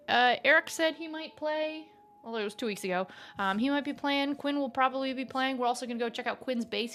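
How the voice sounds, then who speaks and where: A woman's voice: fairly high pitch, a bit bright. A woman hosting a casual live stream, playful and giggly, greeting her chat by name.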